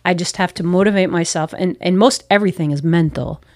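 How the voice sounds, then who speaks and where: Speaking briskly in a lowish, slightly mellow voice, a female missionary pastor from the United States shares personal stories during an interview. She's earnest and reflective, voicing her past self-talk, and the studio-quality recording has no room sound.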